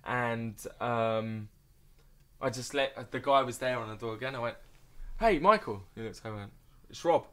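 A man tells stories on a podcast in a bright voice. He acts out the lines of the people in his anecdotes as he talks. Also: mid-range voice, fairly quick, clean tone. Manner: animated anecdotes with acted-out quotes. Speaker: podcast host, dating coach. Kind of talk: casual storytelling chat.

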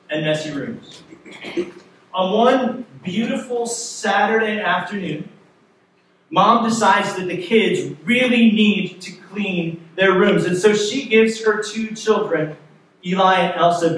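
A man preaching a sermon as pastor, telling a story in a conversational, lively way. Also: high-pitched, a little slow, slight background noise. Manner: storytelling, animated in places, conversational. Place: church sanctuary. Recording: echoey sanctuary, mic far off.

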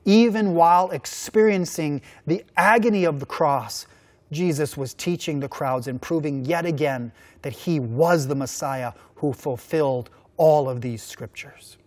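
A middle-aged man, a youth minister, preaching a sermon with earnest storytelling that drops low and slow for emphasis. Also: a little mellow.

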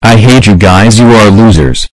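A man voicing a hot-tempered male cartoon horse who hurls insults and threats in short, flat sentences. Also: lowish voice, moderate pace, no room sound, natural voice. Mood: furious.

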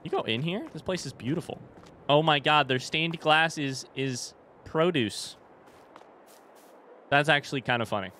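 Here the streamer is a young man whose voice runs a little high and sharp, moving at normal speed with long pauses. He banters casually with his live chat over a farming game, swearing now and then, and a slight hiss or hum sits under the audio.

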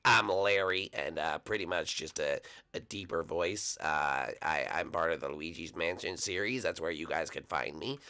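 A man putting on a fairly ordinary turtle prince. The voice sits lower than normal and stays flat, with a gravelly edge. He sounds unbothered. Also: moderate pace, few pauses. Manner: flat and low. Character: plain, deeper-voiced male turtle prince.

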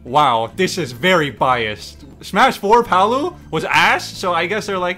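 A young man reacting to memes in casual commentary, excitable and mock-exasperated, swearing and laughing often. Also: fairly high pitch, unhurried, few pauses. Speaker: YouTube meme reactor. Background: faint background music.

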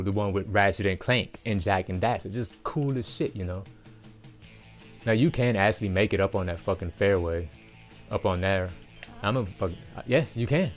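Rambling, foul-mouthed male streamer. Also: lowish voice. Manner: rambling, heavily profane, frustrated outbursts. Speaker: game streamer. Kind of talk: casual chat while playing.

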